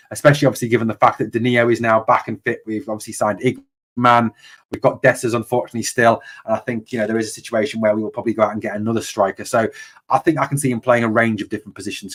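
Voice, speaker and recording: A man hosts a casual live-stream question-and-answer session, taking viewers' questions one by one. His voice sits at an ordinary middle pitch. He talks in a hesitant, opinionated way, full of fillers and restarts. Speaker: host of a fan channel live Q&A.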